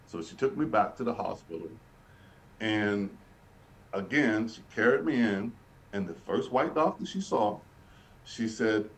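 An older man from Alabama, a podcast guest telling his life story in earnest, vivid detail that slows and softens at painful moments. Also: fairly low pitch. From Alabama, USA. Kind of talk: personal life story told in an interview. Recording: voice a little distant from the mic.

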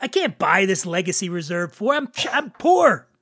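Male host with a Philadelphia accent, high voice, loose and jokey, swears casually. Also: very animated, normal speed, fairly bright tone. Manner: joking, loose, swears freely. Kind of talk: casual chat.

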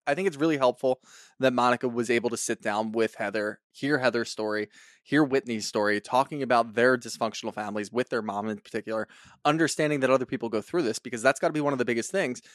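A man's voice: medium pitch, fast, no room sound, studio quality. A man co-hosting a casual recap podcast, talking bluntly with lots of swearing. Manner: blunt, profane, emphatic. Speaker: podcast co-host.

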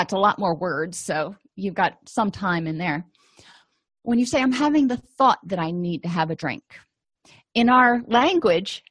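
A woman's voice: mid-range voice, dry recording, clean studio sound. A middle-aged woman therapist teaching a skills lesson in a conversational, explanatory way with casual asides. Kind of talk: lecture.

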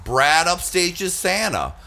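A man's voice: sits high, very animated, slow pace, creaky, sharp tone. A man hosting a casual comedy chat, reading celebrity gossip aloud with sarcastic, mocking asides. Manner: sarcastic, mocking, bursts into silly put-on voices.

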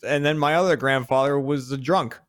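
A man's voice: mid-range voice, fairly quick, slight background noise. A man on a podcast explaining things carefully in casual chat, with many fillers.

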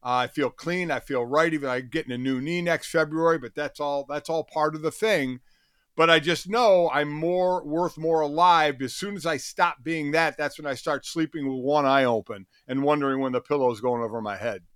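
A man's voice: fairly high pitch, moderate pace, a bit bright, clear, resonant tone, dry recording, clean studio sound. A middle-aged man co-hosting a sports talk show, easygoing and self-mocking. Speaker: co-host.

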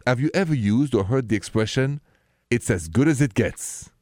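A man's voice: mid-range voice, lively intonation, normal speed, no room sound, studio quality. French-accented male radio host. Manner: chatty, warm greetings, storytelling. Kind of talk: radio advice call-in chat.

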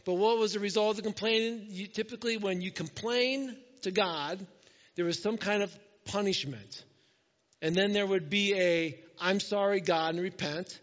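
High-voiced preaching man in echoey hall. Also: normal speed, fairly bright tone, muffled recording. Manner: conversational preaching, acts out quoted voices. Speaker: pastor. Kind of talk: sermon.

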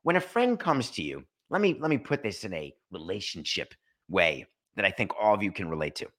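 A man hosting a solo sports podcast, talking in a sarcastic, animated way and acting out little scenes. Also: fairly low pitch, brisk. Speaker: podcast host.

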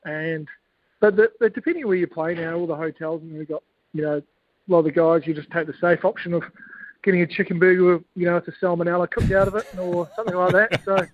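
A man's voice: high-pitched, steady tone, fast talker, no echo, lo-fi sound. A man with a New Zealand accent, a former cricketer as guest, chatting in a laid-back storytelling way and laughing often. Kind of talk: casual podcast chat.

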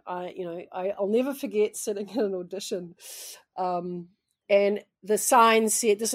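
A woman from New Zealand with a New Zealand accent, a guest telling animated stories in a casual interview, with frequent restarts. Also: mid-range voice. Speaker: guest, actress and author.

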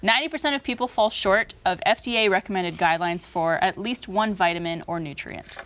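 A woman's voice: medium pitch, brisk, fairly bright tone, a little hiss or hum. Upbeat, chatty young woman hosting a podcast. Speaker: podcast host. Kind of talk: casual chat with ad reads.

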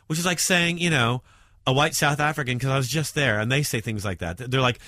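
A man, a stand-up comedian, talking provocatively in an interview, swinging between loud jabs and muttered asides. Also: mid-range voice, brisk, dry recording.

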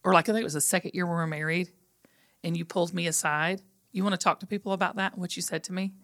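A middle-aged woman hosts a casual podcast chat with a bright, crisp-edged voice. She tells stories about home life with a teasing, animated delivery. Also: on the low side, fast talker. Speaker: podcast host.

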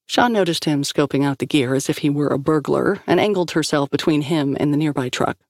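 A woman narrating a story in an even scripted storytelling voice, recorded close on a studio mic. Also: low voice, a little fast, no room sound. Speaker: audiobook narrator.

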